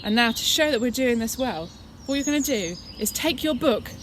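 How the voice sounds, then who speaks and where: A playful woman with a fairly high voice leads children through an activity lesson and then tells them a story. She speaks straight to her young audience, warm with encouragement. She was recorded outdoors in woodland, and birdsong carries clearly behind her. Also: expressive, moderate pace, noisy background. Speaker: children's church leader.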